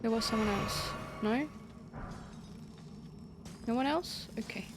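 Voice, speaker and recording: A playful woman streamer with a fairly high voice, bantering with chat and yelling at enemies while she plays. Her casual, chatty commentary runs over a faint hum of room ambience. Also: slow pace. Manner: swears casually and exclaims at enemies. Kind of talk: casual gaming livestream commentary.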